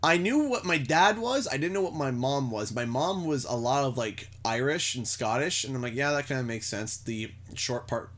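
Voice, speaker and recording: A man's voice: medium pitch, expressive, normal speed, few pauses, fairly bright tone. A young man from Canada chatting casually and joking with viewers while playing a racing game on a headset mic. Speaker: gaming streamer.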